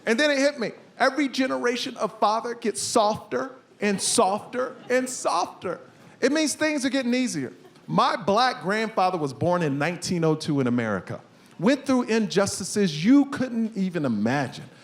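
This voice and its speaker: A man performing an animated stand-up comedy routine on a live stage, bursting out loudly on punchlines. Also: high-pitched, moderate pace. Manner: animated storytelling, loud outbursts for punchlines. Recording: live stage recording with audience noise.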